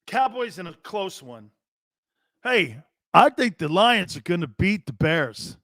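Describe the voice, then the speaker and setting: A man's voice: high-pitched, big pitch swings, slow pace, a bit bright, no room sound, clean studio sound. A middle-aged man hosting a sports talk show, blunt and profane, joking with his chat. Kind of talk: loud, brash sports talk.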